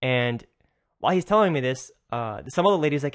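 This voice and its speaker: A young man hosting a podcast, telling a story in a loose, animated way and swearing a lot. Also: mid-range voice, quick pace. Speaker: podcast host. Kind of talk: casual storytelling.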